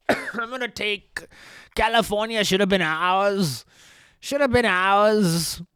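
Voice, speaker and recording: A man putting on a smug British politician with a strained mock Cockney accent, slow and mocking. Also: high-pitched, fairly bright tone, clear, resonant tone, no echo. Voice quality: strained put-on voice.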